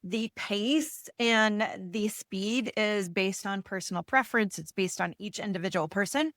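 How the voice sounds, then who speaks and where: A woman facilitating breathwork, giving slow, soothing guidance over a video call. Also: mid-range voice, a bit bright, dry recording, studio quality. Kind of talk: guided breathwork instruction.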